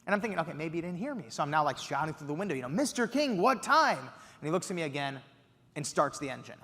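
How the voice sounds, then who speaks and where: A young man giving a keynote speech, telling an animated story with excited quoted outbursts. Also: on the high side, rapid-fire. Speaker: keynote speaker. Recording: reverberant hall.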